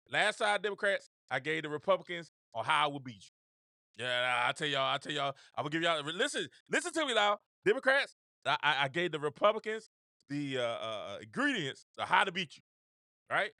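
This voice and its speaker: A man's voice: on the high side, pushed and bright, no room sound, clean studio sound. A man hosting a show, talking casually and animatedly about the news with slang, repeated phrases and frequent laughter. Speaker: show host. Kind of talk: casual political commentary.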